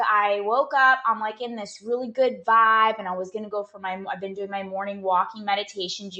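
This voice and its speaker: A woman's voice: mid-range voice, sharp tone, dull audio. A woman performance coach talking casually to her viewers, telling a story and giving motivational advice with many "like" fillers. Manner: chatty, storytelling, lots of "like" fillers. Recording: echoey room.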